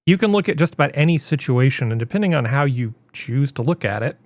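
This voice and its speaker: A man's voice: mid-range voice, lively intonation, fast talker, dry recording. A man hosting a casual panel chat over a video call, rambling with wry asides. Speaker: host.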